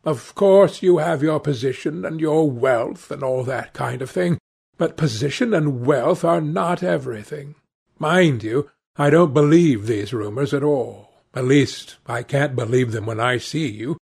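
A man reading aloud, voicing a grave, earnest gentleman painter who speaks with measured seriousness. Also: medium pitch, creaky, husky.

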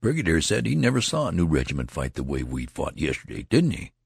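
A man voicing a brash young soldier who talks in rustic dialect and complains loudly. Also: rumbling low, wildly swooping pitch, fast talker, vocal fry, slightly rough, no room sound, studio quality, full character voice. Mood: indignant.

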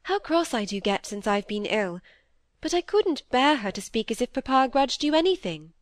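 A woman's voice: fairly high pitch, sing-song, moderate pace, no room sound, studio quality, pitched above the performer's own voice. A woman reading the part of an earnest young woman who speaks firmly and defends her father. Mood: rueful. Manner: earnest, firm. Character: earnest young woman, loyal and quick to indignation.

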